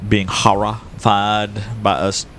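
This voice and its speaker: A man's voice: fairly low pitch, level tone, takes it slowly, fairly bright tone, slight background noise. A man co-hosting a casual podcast, joking and crude in loose banter. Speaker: podcast co-host.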